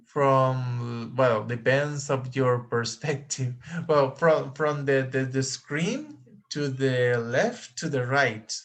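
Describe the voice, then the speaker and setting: A man's voice: medium pitch, takes it slowly. A man teaching an online English class, patiently repeating words for his students.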